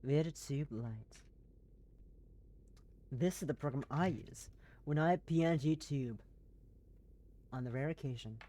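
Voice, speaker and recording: A game streamer chatting casually on a live stream, rambling and excitable, swearing freely, in an airy put-on voice. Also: mid-range voice, unhurried, pauses often.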